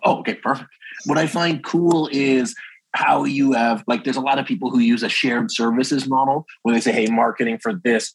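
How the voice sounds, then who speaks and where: A man's voice: mid-range voice, slightly rough, dry recording, low-quality recording. A man hosting a podcast, asking long, rambling questions filled with "like" and "you know". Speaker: podcast host. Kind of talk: interview questions.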